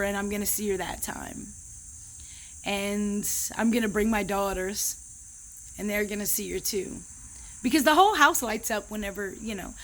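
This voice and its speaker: Woman, 30s, high voice, emotional vlogger, earnest and rambling with restarts. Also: fairly bright tone. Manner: heartfelt, rambling, with many restarts. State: emotional, near tears. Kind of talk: emotional personal vlog.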